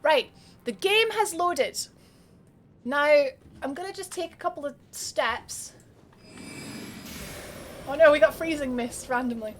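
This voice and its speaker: A woman's voice: sits high, animated, slow, long pauses, a little hiss or hum. A young Scottish woman streaming a game live, chatting and laughing with her viewers. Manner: chatty, giggly, reads chat aloud. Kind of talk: live gameplay stream chat.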